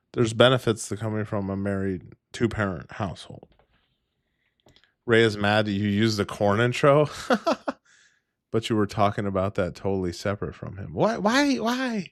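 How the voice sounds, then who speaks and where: A man's voice: fairly low pitch, no echo, studio quality. A man hosting a casual livestream, talking in a rambling, heavily profane way and laughing often. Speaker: livestream host.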